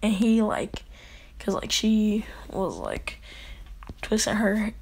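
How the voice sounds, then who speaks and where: A man's voice: sits high, wildly swooping pitch, takes it slowly, gravelly, a little mellow, breathy edge. A man rambling through an improvised fan story in casual slang, packing his sentences with filler words and joking asides.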